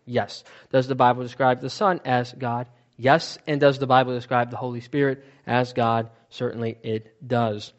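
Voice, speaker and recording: A man's voice: medium pitch, level tone, normal speed, lo-fi sound. A man teaching from the Bible in a sermon, asking questions and answering them himself, stressing key words.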